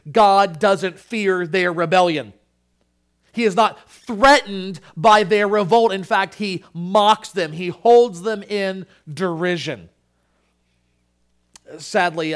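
A male pastor preaching a sermon, earnest, often restarting his words. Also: a little high.

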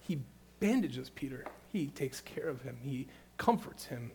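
A middle-aged man preaching a sermon, moving between hushed, tender passages and loud, emphatic questions. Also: mid-range voice, expressive, a little slow, a little hiss or hum. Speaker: pastor.

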